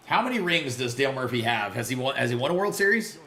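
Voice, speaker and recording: A man hosting a casual live game stream, greeting viewers by name and reacting loudly to big plays. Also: mid-range voice, sing-song, quick pace, echoey room, slight background noise. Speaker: livestream gamer.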